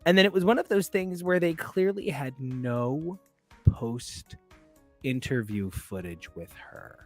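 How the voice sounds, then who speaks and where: A man hosting a podcast in casual chat, telling long, animated stories with lots of fillers. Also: fairly high pitch, slow, soft background music. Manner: rambling, animated storyteller. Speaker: podcast host.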